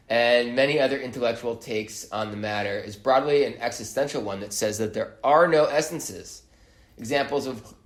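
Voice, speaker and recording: A man hosting a solo podcast, talking in a wry, musing way and often pausing to hesitate. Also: mid-range voice, roomy sound. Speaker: podcast host.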